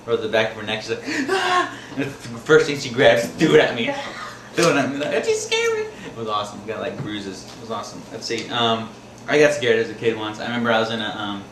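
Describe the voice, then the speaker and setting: A man from Wisconsin, USA, casually tells funny and scary stories from his own life, rambling, laughing along, and acting out the screams. His voice is lowish and a bit bright, and he talks at a quick pace. It was recorded in an echoey room with faint background noise.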